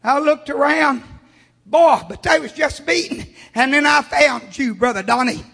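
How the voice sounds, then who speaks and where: A man preaching a fervent sermon, swinging from hushed talk to shouting. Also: very high-pitched, unhurried, creaky. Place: church sanctuary. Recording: long church reverb.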